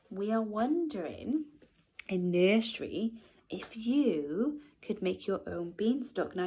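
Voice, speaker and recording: A woman, a nursery teacher, reading a storybook to young children expressively, with gasps and hushed whispers. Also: fairly low pitch, rough recording.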